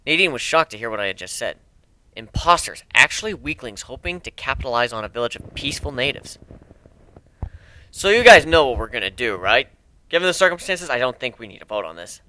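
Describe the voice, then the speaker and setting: A man's voice: mid-range voice, big pitch swings, a little fast, pushed and bright, no echo. A man reading a story aloud in the first person, brash and crude with a casual swagger. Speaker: amateur reader.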